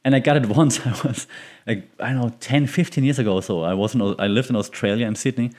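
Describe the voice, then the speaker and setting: A middle-aged German man with a German accent hosts a solo podcast, chatting loosely and teasing himself with frequent laughs. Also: medium pitch. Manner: chatty, self-mocking, laughs often. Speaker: podcast host.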